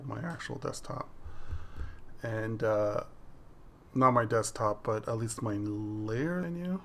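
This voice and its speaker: A man with a gravelly, creaky voice talks casually over a recording of his digital painting, walking through each step as it happens. A faint hiss sits under his voice. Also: lowish voice, fairly bright tone. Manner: explains each step as the work plays on screen. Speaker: digital artist. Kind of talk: casual voice-over of a drawing process video.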